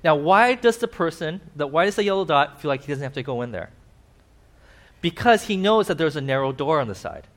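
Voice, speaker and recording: A man giving a casual sermon with slides, animated, asking his listeners questions and acting out little voices. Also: fairly high pitch, fairly quick. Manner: animated, acts out voices, asks the audience questions. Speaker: preacher.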